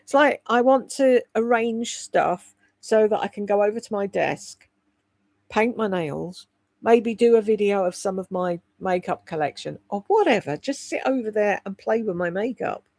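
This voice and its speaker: Gravelly woman in her sixties. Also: mid-range voice, animated, normal speed, a little mellow, no echo. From United Kingdom. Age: 60s. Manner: swears freely, laughs often, candid and rambling. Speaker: livestream host reading chat. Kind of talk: casual chat on a livestream. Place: at home.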